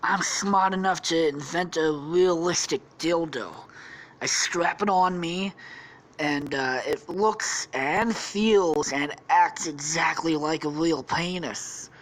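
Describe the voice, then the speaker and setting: A woman's voice: low-pitched, slow pace. Woman doing a smug, nerdy Velma. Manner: smug, matter-of-fact and lecherous.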